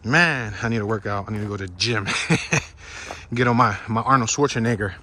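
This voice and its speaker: A man casually narrating his hike on a wooded marsh trail outdoors, playful and excitable, whooping and laughing as he walks. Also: fairly low pitch, fairly quick. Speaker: vlogger narrating a hiking walk. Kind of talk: casual walk-and-talk narration.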